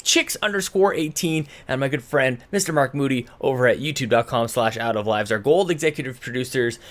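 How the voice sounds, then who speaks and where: The man introducing this podcast from his home in British Columbia has a mid-range, fairly bright voice and a slightly fast pace. He sounds a little breathless, chatting casually, wandering off track and correcting himself.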